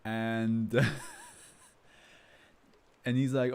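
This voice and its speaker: A man's voice: medium pitch, little pitch movement, slow pace, pauses often, darkish tone, smooth. A man talking in a loose, rambling way, full of fillers and laughs, then reading a document aloud as a streamer. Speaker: host reading to a live stream. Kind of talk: casual chat and reading aloud.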